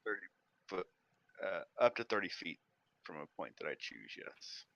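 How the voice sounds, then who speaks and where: A man's voice: low voice, big pitch swings, normal speed, creaky, fairly bright tone. A man playing a cleric in a tabletop game, chatty and playful as he explains his moves. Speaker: player, cleric. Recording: muffled lo-fi mic.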